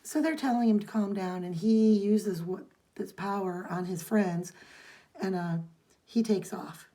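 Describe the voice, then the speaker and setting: Brief: woman podcast co-host, mellow mid voice, loose chatty recap. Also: mid-range voice, unhurried. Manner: rambling recap, reads dialogue aloud. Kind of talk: casual chat recapping a comic.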